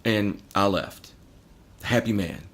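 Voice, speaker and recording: A man's voice: lowish voice, slow, vocal fry. A man telling stories as a podcast guest, sarcastic and profane, often breaking into laughter. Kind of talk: casual podcast storytelling.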